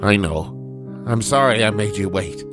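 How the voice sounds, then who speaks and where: A man playing his character in a tabletop game, speaking in a heartfelt, emotional way, over soft keyboard and piano music. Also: fairly low pitch, animated, normal speed. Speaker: player. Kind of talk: in-character tabletop role-play.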